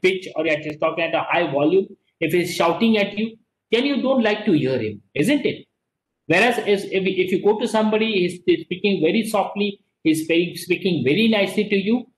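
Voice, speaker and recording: A man with an Indian English accent teaching a class, explaining slowly with many repetitions and frequent "okay"s. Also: sits high, reverberant, rough recording. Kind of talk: classroom lecture.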